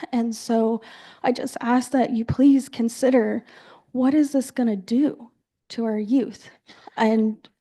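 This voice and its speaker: A woman's voice: a little high, warm tone. A woman speaking frankly at a tribal assembly, casual and exasperated, with many fillers. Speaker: community member speaking at assembly. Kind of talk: impassioned floor speech. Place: large assembly hall.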